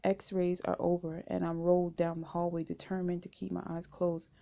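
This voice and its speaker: A woman reading a memoir aloud in first person, steady and unhurried, on a dull lo-fi home recording. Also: fairly low pitch, gravelly. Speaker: audiobook reader.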